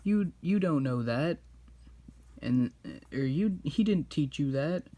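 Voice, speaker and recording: Picture an arrogant male snow leopard villain from a cartoon, his voice pitched up high and yelping in shrill, melodramatic bursts, as a man does him while retelling the story. He comes across as boastful and over the top. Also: animated, slow pace, warm tone. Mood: taunting.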